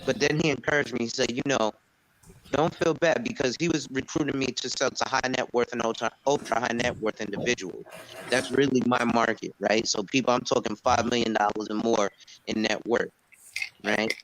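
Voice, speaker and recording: A man's voice: medium pitch, steady tone, moderate pace, a bit bright, a little hiss or hum, rough recording. A man who sells insurance, talking casually on an open panel and acting out conversations he has had. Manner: storytelling, acts out quoted conversations. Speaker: insurance agent and panel speaker.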